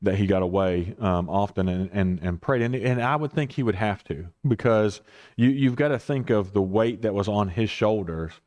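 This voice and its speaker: A man's voice: lowish voice, normal speed, a little mellow. A man leading a casual Bible study as pastor, rambling and correcting himself with chuckling asides.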